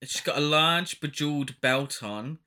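A man's voice: a little high, moderate pace, pushed and bright, clear, resonant tone. A man co-hosting a casual film-review podcast, laughing often as he retells the plot. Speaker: podcast co-host.

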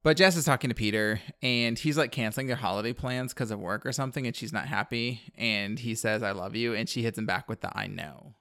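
A man's voice: mid-range voice, fairly quick, hardly any pauses, fairly bright tone, no room sound, studio quality. A man on a podcast casually recapping a horror movie plot, rambling with lots of fillers and wry asides. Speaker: podcast co-host.

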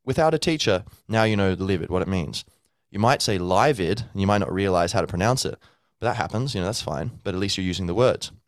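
A man with a low, deep voice talks in a loose, unscripted way, full of fillers and restarts. He explains things casually, as a podcast host would. The recording is dry and close, with no room sound. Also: lively intonation, fast talker, few pauses, no echo. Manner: rambling, with many fillers and restarts; acts out a learner's inner thoughts. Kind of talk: casual teaching monologue.

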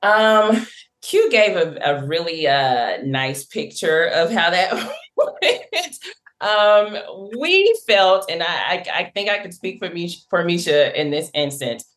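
A woman's voice: fairly low pitch, very animated, a bit bright. A woman from a publishing team chatting on a podcast, telling a story with lots of ums and laughs. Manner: halting, many fillers and restarts, laughs while telling. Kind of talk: casual podcast chat.

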